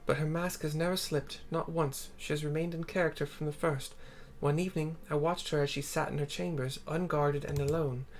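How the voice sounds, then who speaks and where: A man reading out the lines of a calm, wary female shinobi spy in a video game, in his own plain voice. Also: a little high, pitched above the performer's own voice, close to an everyday voice. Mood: grave. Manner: measured, grave reporting. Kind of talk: reading game dialogue aloud.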